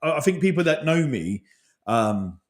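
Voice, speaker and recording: A man's voice: on the high side, big pitch swings, moderate pace. A man in his forties, an army veteran, talking openly and emotionally in a casual podcast chat, swearing often and rambling. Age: 40s.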